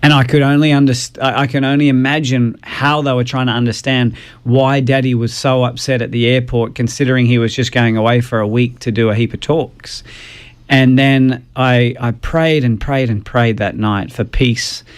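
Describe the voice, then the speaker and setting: A man's voice: medium pitch, steady tone, moderate pace, clear, resonant tone. Man, interview guest, earnest heartfelt testimony, mid-range voice. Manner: earnest, emotional storytelling. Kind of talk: personal testimony in a podcast interview.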